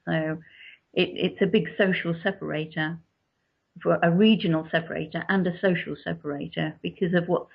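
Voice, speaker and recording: A woman from England with a southern English accent, an author answering interview questions in a measured, explanatory way. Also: on the low side, steady tone, creaky, husky. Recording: dull lo-fi recording.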